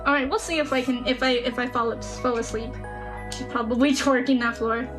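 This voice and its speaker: A young woman streaming a game, chatting casually and self-mockingly with her viewers and herself while soft lo-fi music plays behind her. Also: on the high side, fairly even intonation, brisk. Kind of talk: casual live-stream chat while gaming. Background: soft lo-fi background music.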